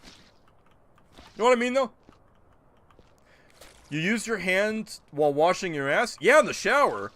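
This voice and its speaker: A man's voice: high-pitched, very animated, slow pace, pauses often, fairly bright tone. A man streaming a game, chatting casually and ranting in disbelief as he answers his chat. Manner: incredulous, joking rants, answers chat. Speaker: gaming streamer.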